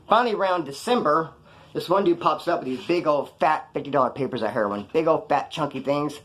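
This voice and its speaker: A man who served time recounting his prison days in casual storytelling, blunt and profane, with animated jumps in pitch for emphasis. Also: fast. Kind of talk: casual first-person storytelling.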